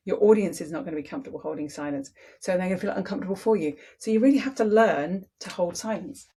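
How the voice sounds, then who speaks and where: A woman teaches public speaking in a lively, emphatic way. She speeds up and slows down on purpose to make her points. Her voice sits at a medium pitch and has a soft, slightly husky, breathy edge. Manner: energetic, emphatic, varies her pace on purpose.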